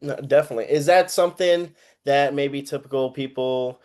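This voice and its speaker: A man interviewing a guest, asking relaxed, hesitant questions and laughing easily. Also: medium pitch, normal speed, clean tone. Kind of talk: casual interview chat.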